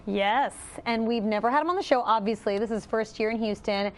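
A woman's voice: fairly high pitch, brisk. A woman co-hosting a sports talk show, upbeat and chatty.

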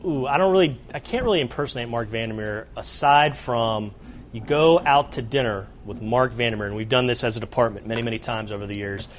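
An animated man co-hosting a sports show, telling stories in easy casual chat. His voice sits at an ordinary middle pitch. A faint hum of noise runs behind him. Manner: animated storyteller, does a quick impression. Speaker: co-host.

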